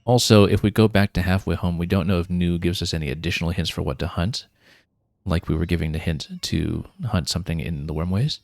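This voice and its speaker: Low, gravelly-voiced man streaming a game. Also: steady tone, fairly quick, no echo, studio quality. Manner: thinking aloud, planning out loud with fillers. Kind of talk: casual gameplay commentary.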